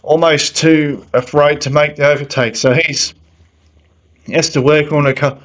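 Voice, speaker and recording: A man's voice: a little high, fairly even intonation, moderate pace, rough recording. Opinionated man chatting about racing. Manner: opinionated, conversational, thinking aloud. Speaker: motorsport fan commentator. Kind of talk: casual sports analysis monologue.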